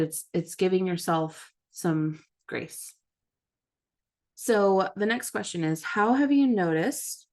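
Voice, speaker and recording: A mother leading a book study, talking in a gentle, reflective, casual way about her own habits. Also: fairly low pitch. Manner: gentle, self-reflective, with occasional laughs. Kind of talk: reflective casual teaching talk.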